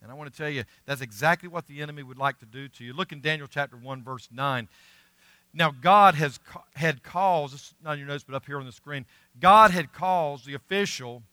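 A middle-aged pastor preaches with a bright, forceful, slightly high voice. He leans hard on key words, then drops to a quiet, confiding tone. The sound is close and dry, with no room echo. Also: fairly quick. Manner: earnest, emphatic preaching with rising and falling volume. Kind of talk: sermon.

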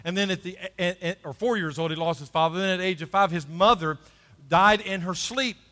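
A man's voice: high-pitched, a little fast, bright, forceful tone, big-room sound. A man preaching a sermon as pastor, emphatic and repeating key phrases, calling for responses from the congregation.

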